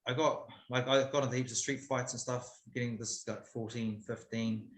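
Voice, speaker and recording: A man's voice: mid-range voice, steady tone, normal speed. A man, a guest telling a story casually and candidly, swearing freely. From New Zealand. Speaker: guest, MMA fighter. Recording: roomy echo.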